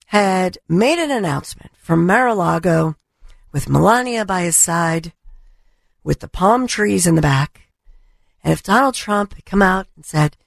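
A middle-aged woman hosting a talk radio show, her voice hoarse from allergies, delivering an impassioned, indignant monologue. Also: fairly low pitch, lively intonation, a little slow, no echo, studio quality. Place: radio studio. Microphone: studio microphone.

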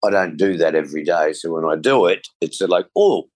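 A man's voice: rumbling low, fairly even intonation, brisk, no echo. A man chatting casually about his week, rambling with lots of fillers. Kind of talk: casual chat.

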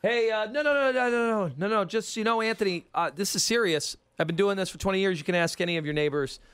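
A man voicing a smooth-talking male neighborhood extortionist, falsely friendly with a menacing edge. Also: high-pitched, fast talker, a bit bright, pitched above the performer's own voice. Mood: insistent.

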